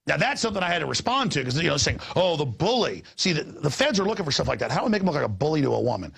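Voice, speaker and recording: A man hosting a show, talking in a rambling, animated way, stammering and repeating words. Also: a little high, rapid-fire, creaky, husky. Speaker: host. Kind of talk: rambling on-air chat. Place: studio in Austin.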